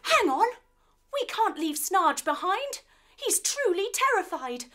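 A woman's voice: very high-pitched, very animated, slow, bright, forceful tone, pitched above the performer's own voice, heavily acted. A woman voicing a brave male space monkey who pleads earnestly in a kids' yoga story. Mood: urgent.

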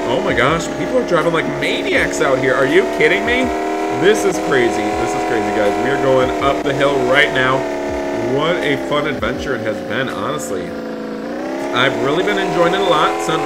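A young man hosting a gaming roleplay as a father, excitable and talking straight to viewers, given to repeated exclamations. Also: medium pitch, heavy background noise. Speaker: gaming channel host playing a father. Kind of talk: casual roleplay gameplay commentary.

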